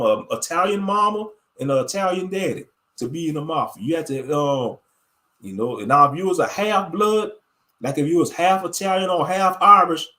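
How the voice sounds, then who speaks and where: A man's voice: fairly high pitch, a bit bright. A man delivering a blunt, profane ranting monologue as an online show host. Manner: blunt, profane and emphatic, with frequent fillers.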